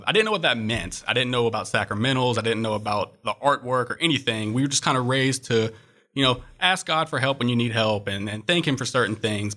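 Earnest young man with a bright voice. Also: mid-range voice. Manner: earnest, reflective, frequent "uh" fillers. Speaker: guest. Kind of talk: personal testimony in interview.

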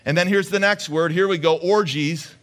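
Man, pastor, sermon, high voice, chatty, questions the room, repeats words. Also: moderate pace, a bit bright.

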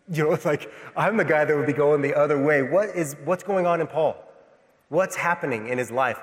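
A male pastor preaching a sermon with passion, swinging between loud emphatic lines and hushed ones. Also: medium pitch, big-room sound. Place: church sanctuary.

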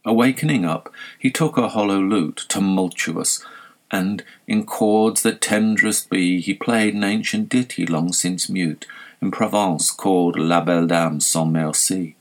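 Deep-voiced man reciting poetry slowly. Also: rough recording. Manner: measured, solemn reading. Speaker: poetry reader.

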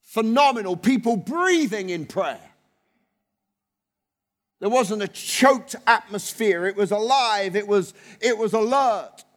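A man's voice: high-pitched, lively intonation, slow. A man preaching a fervent sermon as pastor, building his points through rhythmic, repeated phrases. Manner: impassioned preaching with rhythmic repetition.

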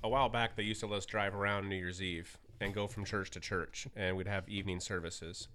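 A man guest in a casual interview, telling lively anecdotes with a self-deprecating touch. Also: fairly low pitch, brisk, a little hiss or hum.

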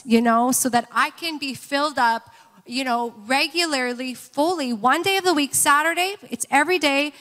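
A woman's voice: high-pitched, fairly bright tone. Woman preaching in a reverberant hall. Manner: earnest, rallying congregation with amens. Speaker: worship leader and co-pastor. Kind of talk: sermon. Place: church sanctuary.

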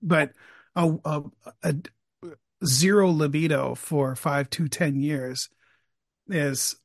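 Man, interviewer, casual talk, fairly high voice, dry close sound. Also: steady tone, slow pace, vocal fry, no echo. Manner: chatty, frequent restarts and asides. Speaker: podcast host, interviewer.

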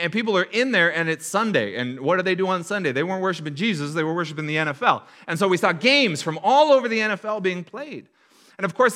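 A man preaching a sermon as a pastor, telling stories in an animated way and acting out the voices of a crowd. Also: high voice.

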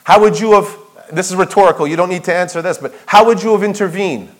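In a church sanctuary, a male pastor preaches a sermon emphatically, posing rhetorical questions and repeating key phrases for weight. His voice is high-pitched and quick, captured in a low-quality recording.

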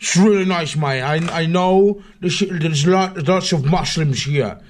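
A man's voice: a little high, measured pace, voice pushed down, close to an everyday voice. A man voicing a crude, boastful British bloke in a put-on British accent, rowdy and tacking "mate" onto every line. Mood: brash. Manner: rowdy, keeps adding "mate" and "oi".

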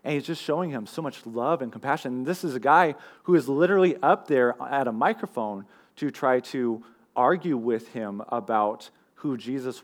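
A young man preaches in a relaxed, chatty way, telling stories about himself with plenty of fillers. His voice sits at an ordinary middle pitch. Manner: conversational, self-deprecating storytelling with fillers. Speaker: college group teacher and preacher. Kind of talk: casual sermon.

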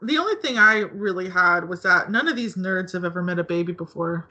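A woman's voice: lowish voice, animated, a little fast, few pauses, pushed and bright, lo-fi sound. A woman co-hosting a podcast in casual chat, laughing often as she talks. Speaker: podcast co-host.

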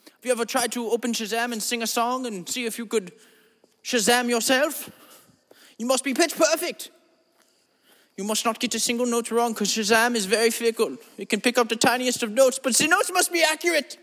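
A man's voice: very high voice, normal speed, a bit bright. A man voicing a rambling, self-absorbed eccentric in a comedy monologue, drawling and meandering, then turning suddenly crude. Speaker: comedy podcast host. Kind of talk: absurd comic monologue in a character voice. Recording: long reverberant echo.

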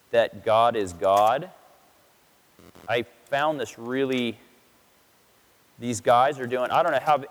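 Male pastor, mid-pitched, chatty sermon, acts out dialogue; long hall reverb. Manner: chatty storytelling, acts out quotes in voices. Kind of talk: casual sermon.

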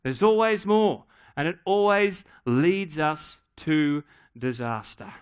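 A middle-aged man preaching a sermon, telling a family story in a relaxed, humorous, conversational way. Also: on the high side, slow pace, clear, resonant tone. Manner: acts out his daughter's voice in quotes. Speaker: pastor.

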